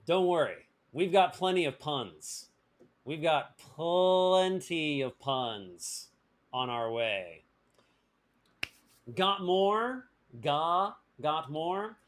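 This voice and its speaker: A man with a fairly high voice runs a live-streamed grammar lesson. He jokes and teases his viewers, restarting sentences and leaning on fillers as he explains. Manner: playful, joking, with many fillers and restarts. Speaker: language teacher.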